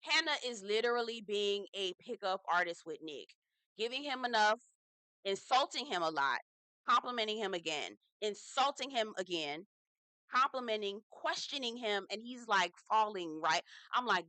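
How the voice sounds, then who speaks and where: A woman's voice: mid-range voice, lively intonation, normal speed, bright, forceful tone, dry recording. A young woman giving a sassy, blunt, swearing recap of a reality TV episode. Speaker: TV recap reviewer.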